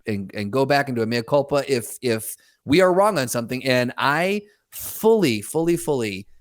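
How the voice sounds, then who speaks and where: Bantering man, lively podcast co-host. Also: medium pitch, normal speed, dry recording, studio quality. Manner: laughing, swearing, playful banter. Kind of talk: casual chat.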